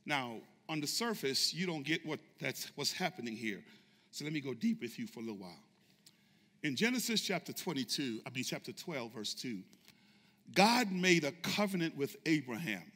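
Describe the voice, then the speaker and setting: A man preaching a sermon as pastor, shouting fervently and calling out to his congregation for responses. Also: medium pitch, very animated, moderate pace. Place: church sanctuary. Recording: echoey church sanctuary reverb.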